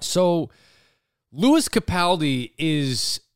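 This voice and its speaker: A man hosting a podcast, chatting casually and telling animated stories, acting out the people in them. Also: a little high, extremely slow, clean tone, dry recording, studio quality. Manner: animated storyteller, mimics others. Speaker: podcast host. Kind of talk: casual chat.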